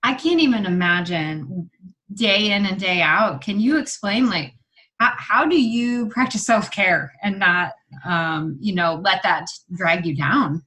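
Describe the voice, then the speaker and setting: A woman hosts a casual podcast interview. Her voice is bright and sits at a middle pitch. She asks open, supportive questions and laughs along easily. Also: expressive, unhurried, rough recording. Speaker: podcast host.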